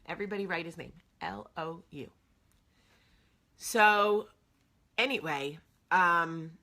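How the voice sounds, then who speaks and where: Woman, 40s, from New Jersey; bright, chatty host storytelling with fillers. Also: on the low side, takes it slowly, pauses often. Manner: chatty, emotional, filler-heavy. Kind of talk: casual storytelling.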